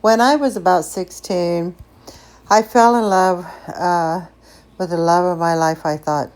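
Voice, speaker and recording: Mellow-voiced older woman telling a story. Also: lowish voice, fairly even intonation, measured pace. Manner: emotive, chatty, with restarts and laughs. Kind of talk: casual personal storytelling.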